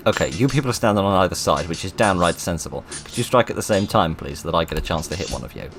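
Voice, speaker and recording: Deep-voiced excitable man. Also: very fast. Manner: self-mocking, excitable, reads game dialogue aloud. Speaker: gaming video host. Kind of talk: let's play commentary.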